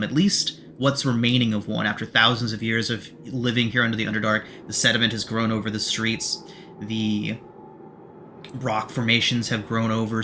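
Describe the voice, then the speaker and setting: A man running a tabletop game, narrating scenes in a measured, descriptive way. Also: lowish voice, bright, forceful tone, a little hiss or hum. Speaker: game master.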